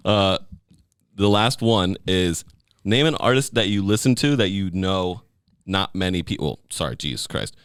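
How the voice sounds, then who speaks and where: A man's voice: low voice, expressive, unhurried, a bit bright, clean tone, no room sound, studio quality. A male podcast host chatting casually, joking and laughing a lot. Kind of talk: casual chat.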